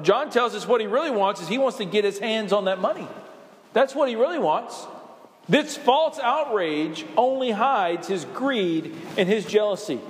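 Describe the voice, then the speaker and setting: Male preacher, high-pitched and fervent, heard in an echoey sanctuary. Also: lively intonation, normal speed. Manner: impassioned preaching, acts out quoted voices. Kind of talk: sermon. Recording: echoey hall reverb.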